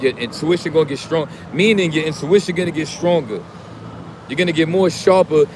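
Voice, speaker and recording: A streamer gives a casual motivational rant packed with street slang and cursing, shifting from calm preaching to loud, heated outbursts. His voice runs fairly high for a man, and traffic and street noise are clearly audible behind him.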